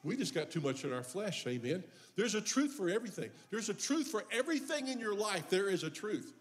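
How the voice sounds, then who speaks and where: A man's voice: high voice, big pitch swings, brisk. An older man preaching a sermon as pastor, joking and folksy between scripture readings. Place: church.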